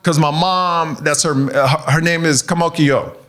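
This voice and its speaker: A man doing a stand-up set on stage, an animated storyteller who laughs as he talks. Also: fairly high pitch, moderate pace. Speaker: stand-up comedian. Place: comedy club stage before a live audience. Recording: live set with audible crowd noise.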